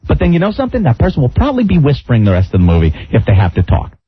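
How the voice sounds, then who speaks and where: A man hosting a talk radio show, telling a long story in an animated way and acting out its people. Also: medium pitch, racing, husky, no room sound. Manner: animated, breaks into laughter, acts out the people in his story. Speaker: radio host. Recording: lo-fi radio broadcast.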